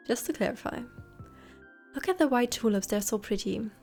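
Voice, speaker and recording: A woman's voice: a little high, lively intonation, moderate pace, pauses often. A young woman chatting casually and rambling while streaming a game. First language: German. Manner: chatty, rambling, soft asides to chat. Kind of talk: casual gameplay commentary. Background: faint game music.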